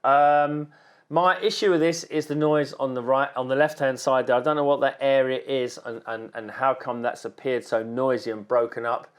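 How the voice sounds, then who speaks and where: A man's voice: mid-range voice, steady tone, moderate pace, clean tone. A man, a wildlife photographer giving chatty, encouraging critiques of viewers' photos with many ums and repeated words. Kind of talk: casual on-screen photo critique.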